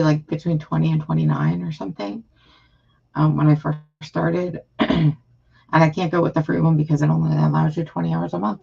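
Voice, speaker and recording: A woman talks casually to her live stream viewers, her voice gravelly and husky. She rambles, frustrated, full of fillers and restarts. The audio is dull and lo-fi. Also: sits low, a little mellow.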